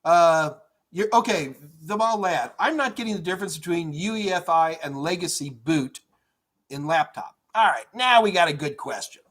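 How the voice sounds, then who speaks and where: A middle-aged male tech instructor answers chat questions on a live stream from his home office. His voice sits a little on the high side, and his delivery is energetic, loose and full of fillers. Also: normal speed. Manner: energetic, chatty, rambling with many fillers. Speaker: IT certification instructor.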